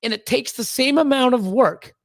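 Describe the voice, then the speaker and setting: A man's voice: very high voice, normal speed, a bit bright, no echo. A man talking as a podcast guest in a blunt, profane rant, often repeating words as he gets worked up. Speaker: podcast guest, snake breeder. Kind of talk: candid ranting conversation.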